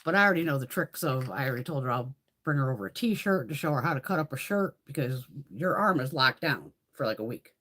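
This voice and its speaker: A woman's voice: extremely low pitch, expressive, fast, a bit bright. A woman hosting a beauty livestream, rambling casually with lots of swearing and laughter. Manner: rambling, profane, laughs often. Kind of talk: casual livestream chit-chat.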